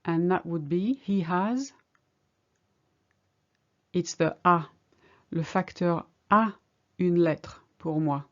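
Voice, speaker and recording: A woman's voice: lowish voice, slow pace, long pauses, muffled recording. A woman teaching a language lesson, patiently explaining each example step by step. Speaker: French teacher.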